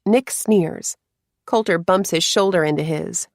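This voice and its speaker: A woman narrating a first-person romance story in a soft, confiding way, with hushed asides. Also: on the low side, a little slow, dry recording, studio quality.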